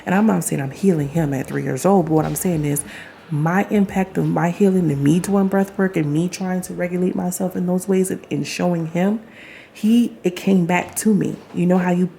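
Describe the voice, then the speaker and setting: A woman's voice: fairly low pitch, steady tone, fairly quick, creaky, dark tone, slight background noise. A young woman talking casually to camera as a vlogger, chatty and affirming, speaking straight to her viewers with laughs and asides.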